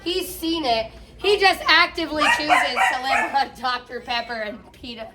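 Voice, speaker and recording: A woman's voice: high voice, lively intonation, moderate pace, heavy background noise. A middle-aged woman chatting candidly while bathing a cat, swearing freely as she talks. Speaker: pet groomer vlogger.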